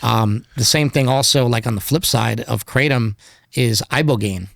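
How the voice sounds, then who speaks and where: A man's voice: medium pitch, moderate pace, vocal fry, a bit bright, no room sound. A man speaking as a podcast guest in casual interview talk, candid and rambling, with lots of filler words. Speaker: podcast guest, documentary filmmaker.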